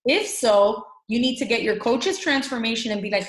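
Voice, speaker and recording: Animated woman coach, roomy echo. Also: a little high, moderate pace. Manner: animated, acts out quoted dialogue. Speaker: fitness coach team leader. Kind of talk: motivational coaching talk.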